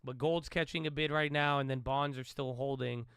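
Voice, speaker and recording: A man's voice: mid-range voice, steady tone, moderate pace, clean tone, dry recording. A man hosting a live trading stream, giving loose, chatty market commentary and calling listeners bro. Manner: says he tends to sound loud and yelling.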